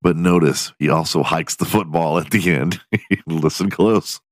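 A man's voice: low-pitched, a little slow, no echo. A man hosting a podcast, giving crude comedic commentary, swearing freely and laughing often as he mocks a clip. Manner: profane, laughing often, mocking. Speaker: podcast host.

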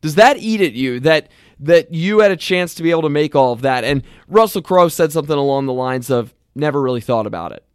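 A man's voice: fairly high pitch, animated, fairly quick, clean tone, dry recording, clean studio sound. A man co-hosting a casual movie chat, telling stories and asking questions with energy. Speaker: podcast co-host.

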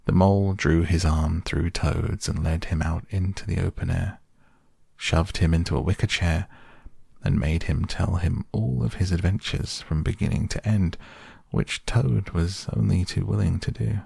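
A man softly reading a classic children's book aloud as a bedtime story, calm and unhurried. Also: deep voice, gravelly, slightly rough, dry recording, studio quality. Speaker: podcast host and reader. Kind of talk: soft bedtime audiobook reading.

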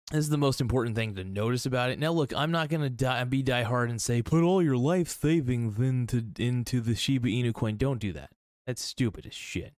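A man talks loosely through his own podcast, full of ums and restarts. His voice is smooth and resonant at a middle pitch. The sound is close and dry, with no room around it. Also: no echo. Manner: rambling, restarts and filler-heavy. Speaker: podcast host. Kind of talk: casual solo crypto podcast.

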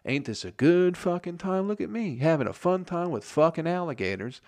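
A man's voice: fairly high pitch, expressive, moderate pace, darkish tone, dry recording, studio quality, pitched above the performer's own voice. A man putting on the voice of a cocky man showing off in the water with alligators, in a mocking sing-song. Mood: smug, mocking.

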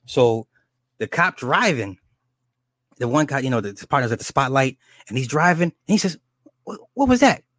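A man casually retelling a horror movie's plot in a rambling, animated and profane way, with many restarts. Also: mid-range voice, normal speed, long pauses, no echo. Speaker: storyteller recounting a horror movie.

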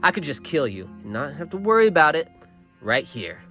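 A man's voice: fairly high pitch, big pitch swings, a little fast, bright, forceful tone, soft background music, voice pushed up. A man voicing a coarse, menacing sheriff who mocks and growls. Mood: mocking menacing. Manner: mocking, growling, crude.

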